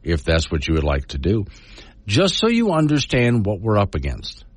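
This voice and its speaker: Low-voiced man with lively talk-radio delivery. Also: moderate pace, breathy edge, no room sound. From Wyoming. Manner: folksy, argumentative, reads news quotes aloud. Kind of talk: opinionated talk radio commentary.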